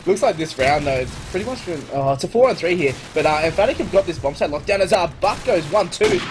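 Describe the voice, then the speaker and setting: A man's voice: sits high, expressive, brisk, noisy background. A man co-casting a live shooter match, laid-back, chuckling and casual. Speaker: esports co-caster. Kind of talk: live game commentary.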